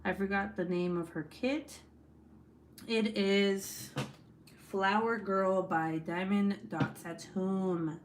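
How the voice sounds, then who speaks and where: A woman hosts a casual livestream, reading out chat comments, laughing often and swearing freely. Her voice is medium-pitched and steady at a slow pace, with slight background noise.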